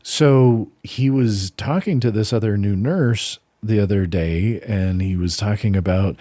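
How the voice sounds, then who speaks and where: A man's voice: on the low side, animated, takes it slowly, mellow, dry recording. A young man co-hosting a casual book-discussion podcast, rambling and restarting as he tells a story. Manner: rambling, self-interrupting storyteller. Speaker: podcast co-host.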